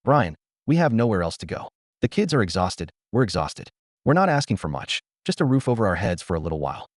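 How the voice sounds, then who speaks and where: A man's voice: lowish voice, big pitch swings, brisk, no room sound, clean studio sound. A man voicing a desperate adult sister and mother who pleads, then turns furious, in a story reading. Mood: pleading.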